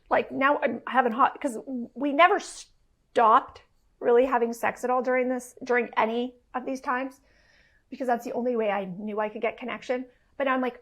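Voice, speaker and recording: A middle-aged woman with a fairly high voice tells a candid personal story as a podcast guest. She talks in an animated way, full of fillers, and acts out quoted dialogue. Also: fairly quick.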